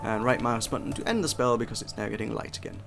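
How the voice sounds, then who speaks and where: A man's voice: on the low side, fast, vocal fry, a bit bright, soft background music. A young man giving casual, chatty first impressions of a game, self-deprecating and often restarting his sentences. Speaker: game reviewer. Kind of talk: casual gameplay commentary.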